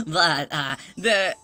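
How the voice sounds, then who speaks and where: A man's voice: sits high, lively intonation, drawn-out words, soft background music. A man chatting casually on a livestream, rambling and self-conscious, greeting viewers as they arrive. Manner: greets chat members warmly.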